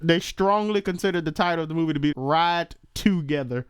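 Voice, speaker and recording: A man co-hosting a podcast, telling a movie recap in a joking, slangy, animated way. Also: a little high, fairly quick, smooth, no room sound, studio quality. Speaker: podcast co-host. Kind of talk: casual movie recap chat.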